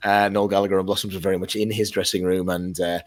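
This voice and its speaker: A man, a radio presenter who is a guest, chatting casually and telling animated stories. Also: sits low, quick pace. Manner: animated storyteller, mimics voices in anecdotes. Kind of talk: casual podcast chat.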